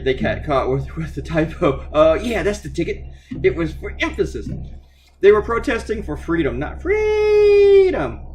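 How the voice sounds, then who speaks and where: A man's voice: mid-range voice, a little hiss or hum. Sarcastic, cussing cartoonist man. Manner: sarcastic, profane ranting. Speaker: cartoonist livestreaming a drawing. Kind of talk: casual commentary while reading viewer comments.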